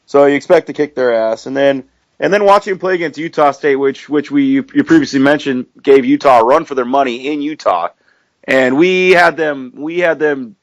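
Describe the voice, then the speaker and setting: A man with a mid-pitched voice talks football in an excitable, profane way, stumbling and repeating phrases. The recording is dry and dull, with a lo-fi edge. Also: normal speed, no room sound. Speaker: co-host. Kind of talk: casual sports chat.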